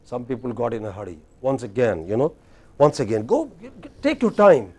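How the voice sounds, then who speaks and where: A man teaching spoken to a class, coaxing students and drawing out words slowly to demonstrate rhythm. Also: medium pitch, very animated, warm tone. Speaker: professor teaching spoken English. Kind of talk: classroom lecture with call-and-response drills.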